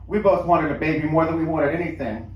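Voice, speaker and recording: A man tells a first-person story aloud at a live lounge show, pitched a little high. He talks in a relaxed, conversational way with small restarts. The room sounds roomy, and the mic sits at a distance. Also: fast talker, lo-fi sound, a little hiss or hum. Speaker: reader.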